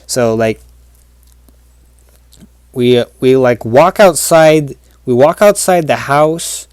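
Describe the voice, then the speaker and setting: A man giving casual gameplay commentary as he rambles through a story, full of fillers and false starts. His voice sits at a middle pitch. The recording is dry and close, with no room sound. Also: lively intonation, slow, darkish tone, clear, resonant tone, no echo. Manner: rambling, with many fillers and restarts. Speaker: channel host.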